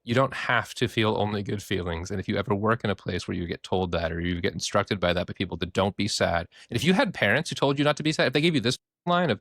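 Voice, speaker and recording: A man who works as a therapist, hosting a casual podcast and talking in an animated, joking way. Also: fairly low pitch, quick pace, no echo, studio quality. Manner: animated, joking, acts out quoted voices.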